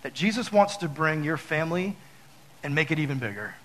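Guy preaching casual, highish voice, acts out stories and yells when he gets worked up. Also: a little fast, rough recording. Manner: animated, acts out his panic with loud high outbursts; talks straight to the audience with many fillers. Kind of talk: casual sermon with storytelling.

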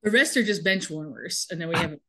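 A woman's voice: on the low side, a little fast, pushed and bright, husky. A woman co-hosting a podcast, animatedly retelling a TV episode in casual chat and laughing often. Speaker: podcast co-host recapping a TV show.

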